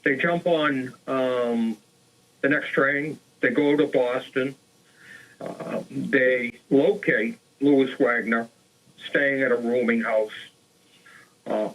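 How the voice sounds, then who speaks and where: A man tells an old murder case on a local talk show, in an easy, unscripted way, often pausing with "uh" and starting over. His voice sits at an ordinary pitch. The sound is plain and a little lo-fi. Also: steady tone, a bit bright. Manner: casual retelling with fillers and restarts. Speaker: co-host. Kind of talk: storytelling a true crime case.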